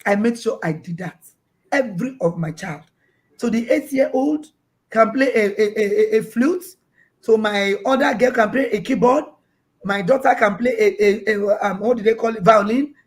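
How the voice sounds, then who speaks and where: A woman's voice: on the high side, normal speed. A woman talking in a casual interview over a video call, telling stories about her children, acting out their voices and often repeating words while she searches for them. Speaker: guest parent.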